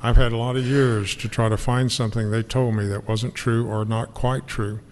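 With a flat, mid-range voice at a moderate pace, an older man recounts his recovery in an earnest, emotional testimony before an audience. A long hall reverb and faint noise color the recording.

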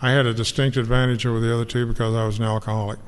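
A man's voice: medium pitch, level tone, racing, clean tone. Older man, earnest testimony in hall. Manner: earnest, emotional, reflective. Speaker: speaker sharing recovery story. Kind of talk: personal testimony to an audience. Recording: long hall reverb, faint noise.

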